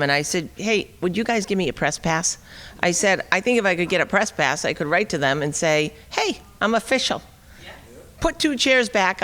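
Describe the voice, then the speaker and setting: A middle-aged woman speaks at a forum, telling her story with wry, animated delivery and voicing the other people in it. Her voice sits at an ordinary pitch and carries the long reverb of a large hall. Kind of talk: storytelling talk. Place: conference hall.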